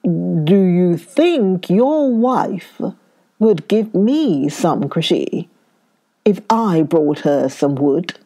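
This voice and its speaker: A big curious black bear from a children's storybook growls its polite questions in a lowered, mellow voice, as a woman reading aloud puts it on. It speaks slowly and deliberately. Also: lively intonation, full character voice. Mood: hungry.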